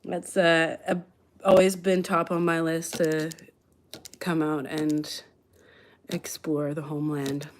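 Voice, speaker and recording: A young woman from Canada's west coast talks on a live stream in a loose, rambling way. Her voice sits a little low, and she restarts sentences often. At times her voice sinks almost to a whisper. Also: slow pace, pauses often. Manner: rambling, relaxed, answers chat, many restarts. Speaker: livestreamer. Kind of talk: casual live-stream chat.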